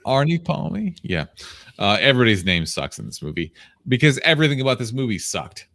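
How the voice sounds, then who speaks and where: A man's voice: mid-range voice, big pitch swings, fairly quick, vocal fry, a bit bright, dry recording, studio quality. A man co-hosting a podcast in casual chat, teasing and profane with mock-tough bravado. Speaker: podcast co-host.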